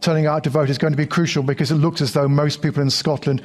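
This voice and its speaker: A man giving expert analysis on polls, measured and explanatory. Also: a little high, flat delivery. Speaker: polling expert.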